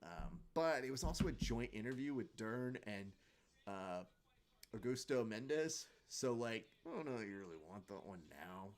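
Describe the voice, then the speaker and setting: A man's voice: medium pitch, very animated, moderate pace. A man hosting a live fight watch-along stream, chatting casually, joking and reading out viewer comments.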